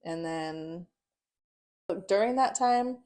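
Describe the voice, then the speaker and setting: Young woman, lowish voice, blunt and profane, acts out every quote, laughs through it. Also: expressive, slow, warm tone. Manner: swears freely, acts out quotes, laughs often. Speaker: podcast guest. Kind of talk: casual storytelling.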